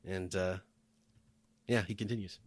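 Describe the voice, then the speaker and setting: A man on a podcast walks through a comic chapter in an easygoing way, his voice sitting fairly low. He leans on fillers and pauses as he talks. The sound is dry and close, with no room around it. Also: no echo. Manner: relaxed, laid-back summarizing with many fillers. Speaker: podcast host. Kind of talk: casual chat recapping a comic chapter.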